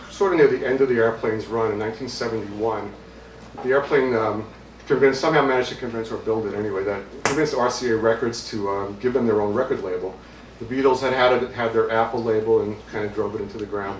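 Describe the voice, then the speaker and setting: A man's voice: fairly low pitch, a little hiss or hum. A middle-aged man from Brooklyn, an author reading from his book at a bookstore, with conversational, hesitant asides. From Brooklyn, New York. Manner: conversational, hesitant with fillers, amused. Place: bookstore, indoors, with audience. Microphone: distant mic. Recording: roomy, distant mic, faint ambience.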